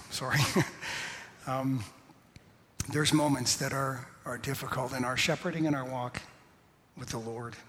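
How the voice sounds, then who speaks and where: A male pastor giving a sermon in a church, slow and measured, laughing at himself now and then. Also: medium pitch, bright, forceful tone. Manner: slow, measured preaching with a self-deprecating laugh. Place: church sanctuary. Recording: long hall reverb.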